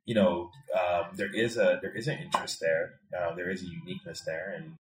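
A man from Chicago with a very low voice talks in an unhurried, reflective way as an interview guest. He often repeats words as he works toward his point. The room around him is audibly echoey. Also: big pitch swings. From Chicago, USA. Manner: thoughtful, repeats words when building a point. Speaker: guest, American expat in Thailand. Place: indoor room in Bangkok.

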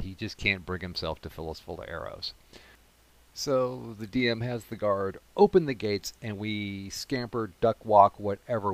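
Deep-voiced man telling a comic game story. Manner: animated, comic asides, playful voices. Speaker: tabletop gamer telling a story. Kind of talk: casual storytelling monologue.

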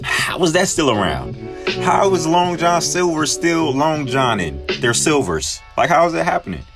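A man's voice: fairly high pitch, big pitch swings, moderate pace, music in the background. A man hosting a podcast, ranting for comedy in slangy talk with exaggerated mock outrage. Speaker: podcast host. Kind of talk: comedic solo rant.

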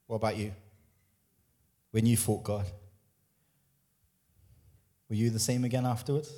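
A man's voice: on the low side, flat delivery, a little slow, dark tone. A man preaching a sermon as lead pastor, emphatic, repeating phrases and asking the congregation questions. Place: church.

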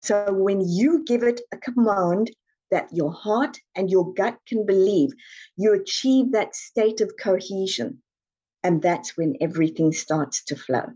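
Emphatic woman coach, warm dull-toned voice. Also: medium pitch, measured pace, slightly rough. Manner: earnest, emphatic, acts out clients' inner voices. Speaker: executive coach. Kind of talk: podcast interview.

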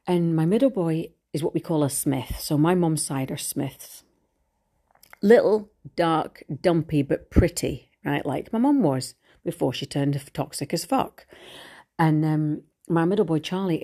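A woman's voice: low-pitched, warm tone. A middle-aged woman talking frankly and at length in a candid personal monologue, rambling and swearing casually. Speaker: vlogger.

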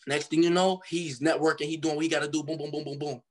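A man's voice: on the high side, level tone, fast talker, slight background noise. A young man from Cincinnati, Ohio, telling his story as a guest artist in a casual interview, loose and slangy, acting out the people he quotes.

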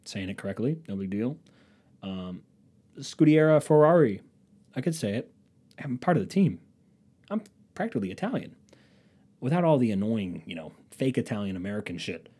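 A man's voice: lowish voice, sing-song, fairly quick, long pauses, dark tone, husky. A man rambling casually as a podcast host, sarcastic and profane. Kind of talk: casual chat.

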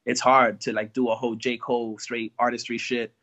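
Slangy laid-back rapper guy, bright tone. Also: mid-range voice, little pitch movement, a little fast. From Washington Heights, New York. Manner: laid-back, slangy, peppered with "you know what I'm saying". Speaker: rapper guest. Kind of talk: casual interview talk.

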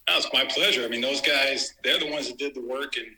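A man's voice: medium pitch, fast, pushed and bright, low-quality recording. A middle-aged man, a former sportswriter and guest on an interview show, telling stories casually and animatedly, acting out quotes with many restarts. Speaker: guest, former basketball writer.

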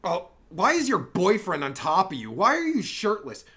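A man hosting a livestream, trolling strangers on video chat in a crude, mocking way with loud bursts of laughter. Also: sits high, huge pitch swings, moderate pace, slightly rough. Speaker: livestream host.

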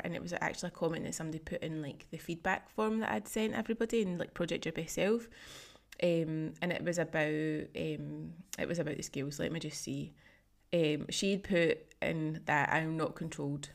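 A fitness coach in her thirties hosts a casual solo podcast, reading client feedback in a chatty, emotional, gushing way with lots of fillers and heavy use of "like." Her deep, gravelly voice runs a little fast with fairly even intonation.

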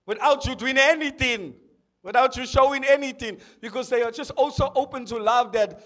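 A male pastor, preaching a sermon. He swings from loud proclamations to quiet asides and keeps asking the congregation questions. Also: very high voice, animated, normal speed. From South Africa.

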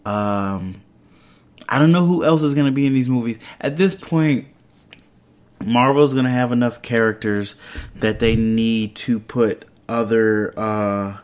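A man talking on his own podcast in a loose, rambling way, often stopping to correct himself and getting excited as he goes. His pitch sits in a middle range for a man, and his delivery is casual and unscripted. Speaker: podcast host. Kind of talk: casual solo podcast chat. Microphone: headphones and microphone.

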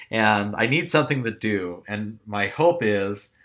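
A man's voice: fairly low pitch, slow pace, fairly bright tone. A young man hosting a podcast, talking candidly and ramblingly about himself with self-deprecating asides. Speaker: podcast host. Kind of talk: casual personal reflection.

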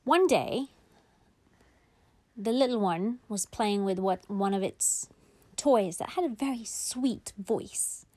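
Lady slowly reading a bedtime story, dry close sound, gentle. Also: medium pitch, no room sound. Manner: slow, gentle storytelling with voiced characters.

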